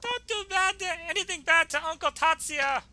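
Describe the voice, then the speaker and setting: A man's voice: extremely high pitch, normal speed, sharp tone, a little hiss or hum, pitched above the performer's own voice, heavily acted. A man voicing a caring, firm young woman in a game playthrough. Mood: pleading.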